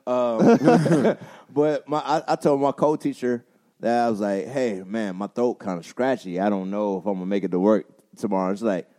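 A man's voice: fairly low pitch, a little fast, mellow. A young man co-hosting a podcast, talking in a laid-back, slangy way and laughing often. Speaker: podcast co-host and school teacher. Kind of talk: casual podcast chat.

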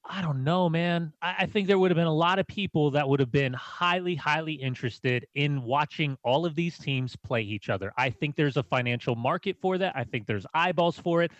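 An American man co-hosting a casual football podcast, relaxed and explanatory. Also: on the high side, dry recording, lo-fi sound. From United States. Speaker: podcast co-host.

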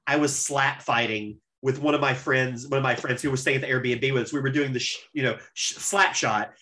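With a medium-pitched voice running a little fast, a podcast host shares animated stories in casual conversation, swearing without restraint.

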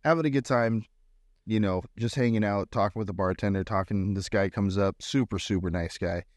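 A man's voice: fairly low pitch, brisk, no echo, studio quality. A man in his thirties co-hosting a podcast, telling stories in a laid-back, joking way. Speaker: podcast co-host. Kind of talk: casual chat.

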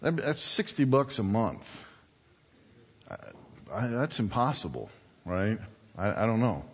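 Animated husky-voiced preacher telling a story. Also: male voice, fairly high pitch. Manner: animated storyteller, rhetorical questions. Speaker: guest preacher. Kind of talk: storytelling sermon. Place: church sanctuary. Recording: dull church recording with long hall reverb.

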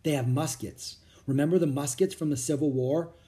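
Reader doing storybook boy, cautious and fretful, mellow tone. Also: medium pitch, steady tone, moderate pace, lightly acted. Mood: worried. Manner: worried, careful. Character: cautious bookish young boy.

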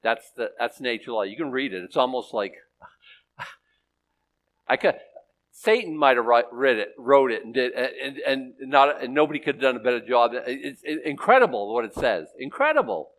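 A man preaching a sermon as pastor, swinging between loud urgency and hushed softness, often repeating and restarting phrases. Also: mid-range voice, lively intonation, normal speed, slight background noise, poor audio.

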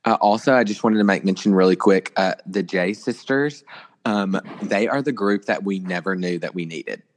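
Chatty young man, lowish voice. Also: moderate pace. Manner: chatty, gossipy, lots of filler words. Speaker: podcast co-host. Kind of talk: casual celebrity gossip chat.

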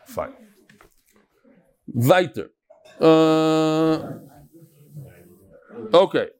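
A man teaching a live Talmud class, lively and chatty, teasing his audience. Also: fairly high pitch, very slow, smooth.

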